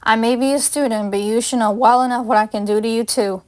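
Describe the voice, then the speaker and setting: A woman's voice: fairly high pitch, steady tone, fast, natural voice. A woman reading the lines of a fiery, hurt young female student with heated, rising delivery. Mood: threatening.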